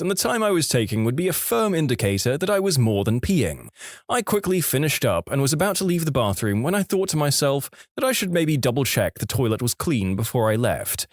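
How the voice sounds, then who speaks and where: A man reading a story aloud as narrator, in a lively, expressive way. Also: mid-range voice, dry recording, clean studio sound.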